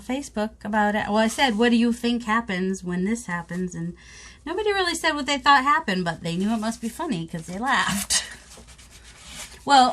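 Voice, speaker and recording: A woman's voice: mid-range voice, fairly bright tone, a little hiss or hum, low-quality recording. A woman chatting casually to viewers in a crafting vlog, rambling and self-mocking while she works at her table. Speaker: craft vlogger.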